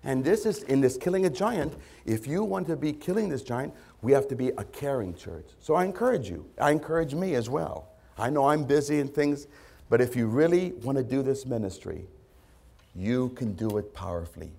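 Male pastor, conversational sermon with lively pitch, acts out quotes. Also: normal speed, creaky, slightly rough. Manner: lively, conversational preaching with sudden loud put-on voices.

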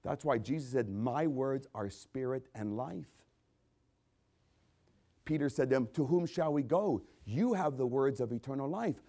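An older man preaching a sermon as pastor, swinging between loud emphasis and quiet asides. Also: mid-range voice, animated, measured pace.

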